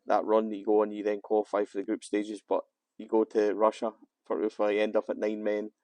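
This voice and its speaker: A man with a low, mellow voice interviews a guest for a podcast in an office. He asks steady, leading questions in a flat, even delivery, heard close and dry. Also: fairly quick, no room sound.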